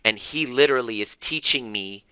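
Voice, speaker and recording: A man's voice: mid-range voice, normal speed, pushed and bright, smooth, dry recording. A man talking earnestly to livestream viewers about parenting, repeating words for emphasis and swearing now and then. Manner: earnest, repetitive, mildly profane. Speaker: parenting coach.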